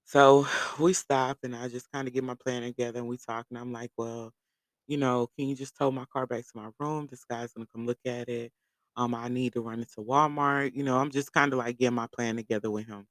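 A man's voice: mid-range voice, brisk, dry recording. Casual storytelling man, dry close sound. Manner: animated, profane, laughs through the story. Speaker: vlogger.

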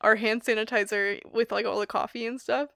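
A woman's voice: a little high, fairly even intonation, brisk, vocal fry, a bit bright, no echo, studio quality. A young woman chatting casually, rambling with many fillers and frequent laughter. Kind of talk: casual chat.

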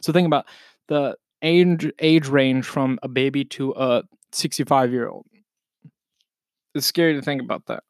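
Man, casual podcast chat, loose and profane, mid pitch, dry close sound. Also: fairly even intonation, normal speed, no room sound. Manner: loose, profane, jokey, laughs at himself. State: burping between sentences. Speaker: podcast co-host. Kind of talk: casual rambling chat, reading posts aloud.

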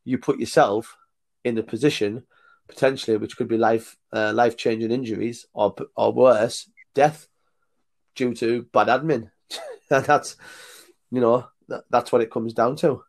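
A man speaks at an ordinary middle pitch, blunt and plain-spoken. He tells stories in a loose podcast chat, acts out what others said, and laughs between his points. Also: steady tone, unhurried. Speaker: guest, outdoor tour leader. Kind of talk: casual podcast storytelling.

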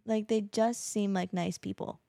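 A woman's voice: mid-range voice, steady tone, normal speed, vocal fry, warm tone, no room sound, studio quality. A woman co-hosting a casual podcast from home, a mother who rambles with lots of fillers and laughs often. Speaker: podcast co-host. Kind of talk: casual chat. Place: home, children nearby.

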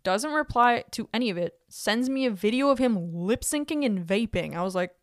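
A woman's voice: a little high, moderate pace, no echo. Chatty young woman, dry close sound. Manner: animated storytelling, full of acted-out quotes, swears freely. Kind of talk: casual chat.

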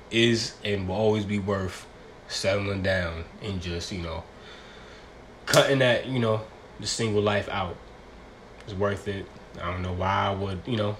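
A man's voice: on the low side, a little hiss or hum. A young man hosting a casual solo podcast, talking in a profane, rambling, slang-heavy way. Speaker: podcast host.

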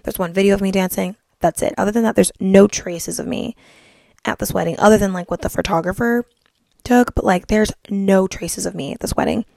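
A little fast and full of vocal fry, a young woman chats bubbly to camera, filling her sentences with "like." Her medium-pitched voice is a little mellow, and the recording is dry and studio quality.

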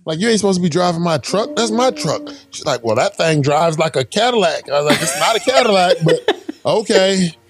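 A man's voice: high-pitched, big pitch swings, brisk, husky. Laughing, profane man in casual chat. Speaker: podcast guest.

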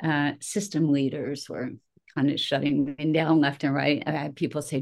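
A woman in her fifties, a guest on a podcast, telling her story in a lively, chatty way with frequent laughs. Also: low-pitched, normal speed, gravelly. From Philadelphia area. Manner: animated storyteller, laughs often, acts out her own quotes. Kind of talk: casual conversational interview.

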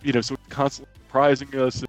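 A man hosting a podcast, talking in a casual, excited way with lots of restarts and fillers. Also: medium pitch, fast talker, faint music behind. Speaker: podcast host. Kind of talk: casual chat.

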